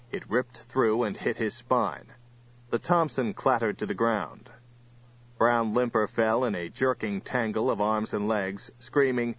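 A man reading an audiobook in steady, even scripted narration. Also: mid-range voice, dull audio.

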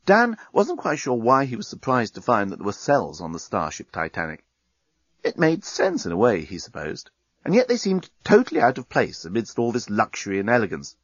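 A man reads a comic novel aloud in a wry, measured way, his voice rising and falling with plenty of life. The sound is dry and close, a little dull on top. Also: mid-range voice, huge pitch swings, no echo. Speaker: audiobook narrator. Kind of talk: scripted narration.

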